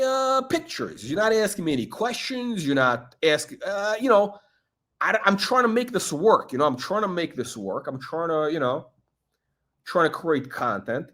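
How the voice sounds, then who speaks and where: A man's voice: high-pitched, fairly bright tone. Middle-aged guy hosting a watch stream, gossipy and all over the place, voice jumps around a lot. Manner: gossipy, digressive, heavy on "you know" fillers. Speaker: watch channel host. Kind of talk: rambling livestream chat.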